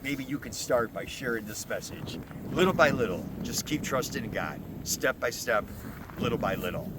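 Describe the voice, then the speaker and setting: A man's voice: mid-range voice, lively intonation, normal speed, heavy background noise. Earnest male pastor preaching outdoors. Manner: earnest, repeats phrases for emphasis. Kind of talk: outdoor devotional sermon.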